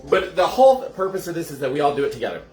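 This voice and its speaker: A man's voice: a little high, big pitch swings, very fast, a little mellow, faint music behind. A man hosting a casual home cocktail show, chatting straight to his viewers. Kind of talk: casual live cocktail demo. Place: indoors at home. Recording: roomy echoey room.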